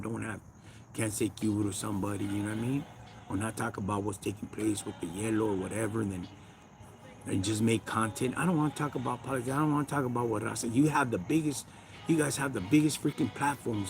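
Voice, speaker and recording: A man's voice: medium pitch, gravelly, slight background noise. A man with a Chicano accent hosting a casual livestream, ranting in street slang and talking back to his chat. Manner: slangy, preachy, talks to chat. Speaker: livestream host. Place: backyard.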